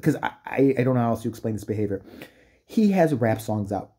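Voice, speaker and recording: A man's voice: medium pitch, animated, a little fast, background noise. A man delivering a profane, mocking comedic rant, breaking into exaggerated impressions. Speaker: comedic commentator. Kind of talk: ranting comedic commentary.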